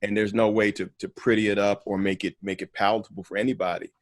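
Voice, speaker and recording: A pastor in an earnest conversation. He has a low voice recorded dry and close, and he speaks in a measured way, pressing hard on his points. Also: little pitch movement, dry recording. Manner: measured, emphatic, repeats words.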